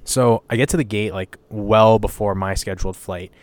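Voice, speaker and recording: A man's voice: fairly low pitch, fairly even intonation, normal speed. A young man from western Canada hosting a casual solo podcast, blunt and rambling, swearing freely and using lots of "you know" and "like". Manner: many fillers like "you know" and "like". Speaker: podcast host.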